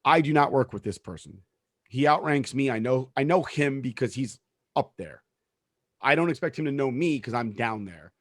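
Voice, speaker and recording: A man co-hosting a casual sports podcast tells a story emphatically, swearing freely; he is also a supervisor at work. His mid-range voice is a bit bright, with lively intonation and a moderate pace, recorded in studio quality with no echo.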